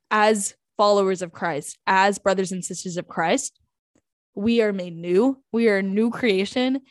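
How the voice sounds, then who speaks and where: A woman's voice: mid-range voice, dry recording, clean studio sound. An eighteen-year-old woman co-hosting a faith podcast, talking casually and earnestly with many "like" and "um" fillers. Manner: earnest, chatty, with frequent "like" and "um" fillers. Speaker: podcast co-host.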